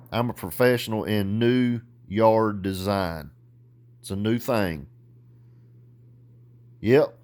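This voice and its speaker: A man with a Southern US accent ranting in a vlog, boastful and profane, growing loud and worked up. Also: on the low side. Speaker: vlogger.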